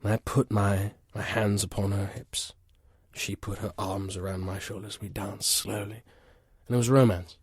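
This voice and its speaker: Husky man telling a mock-dramatic story. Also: on the low side, flat delivery, moderate pace, no echo, clean studio sound. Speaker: podcast guest. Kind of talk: deadpan comic storytelling.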